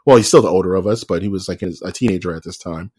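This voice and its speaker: A man's voice: sits low, fast talker, a little mellow, husky. A man co-hosting a podcast in loose, joking casual chat, with many restarts. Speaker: podcast co-host.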